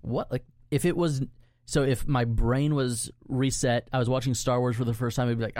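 A man co-hosting a casual podcast chat, self-deprecating and quick to laugh. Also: mid-range voice, steady tone, a little mellow, no room sound, studio quality. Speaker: podcast co-host.

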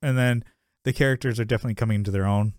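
The recording is clean studio sound with no room tone, carrying a man's steady, medium-pitched, slightly mellow voice delivered rapid-fire. He's a podcast co-host chatting casually, rambling through a sitcom recap while laughing often and acting out what the characters say.

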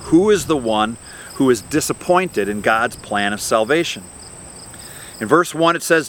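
A middle-aged man, a pastor, preaching a sermon and telling a personal story in an earnest way, often pausing on fillers and restarts. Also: mid-range voice, expressive, a bit bright, a little hiss or hum.

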